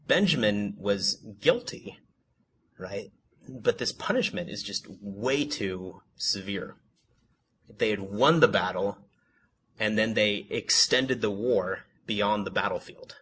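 Reading Bible passages and commenting on them, this male Bible teacher has a lowish, bright voice with a forceful tone. His reading is plain, though he keeps self-correcting and stammering through fillers, over slight background noise.

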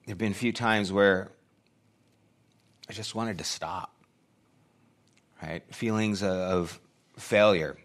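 A man's voice: low voice, steady tone, slow pace, long pauses. Earnest middle-aged male pastor preaching. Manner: earnest, conversational preaching with repeated phrases. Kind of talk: sermon.

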